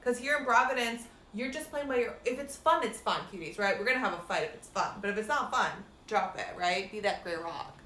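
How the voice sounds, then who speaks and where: A woman's voice: medium pitch, expressive, brisk, hardly any pauses, sharp tone, slight background noise. A woman life coach giving a casual spiritual pep talk, chatty and profane, full of "like" and calling her listeners "cuties". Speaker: life coach and meditation guide. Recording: roomy echo.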